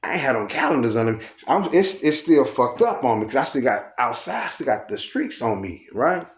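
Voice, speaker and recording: A man's voice: mid-range voice, a little fast. A man telling a long, rambling, profanity-heavy story in a casual spoken style, acting out what others said along the way. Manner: profane, rambling, animated retelling.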